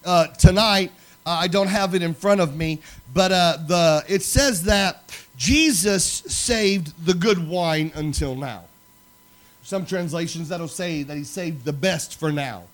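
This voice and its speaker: A man preaching a sermon, telling personal stories in an animated way that swings from loud to hushed. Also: fairly high pitch, slow pace. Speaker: pastor.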